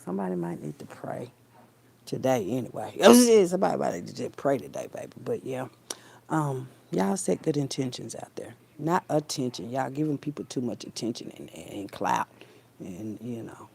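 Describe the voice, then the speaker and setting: A woman's voice: extremely low pitch, expressive, moderate pace, gravelly, dark tone, a little hiss or hum. A woman vlogger talking casually to her viewers while braiding her hair, blunt and rambling, calling them baby and child and trailing off into mutters.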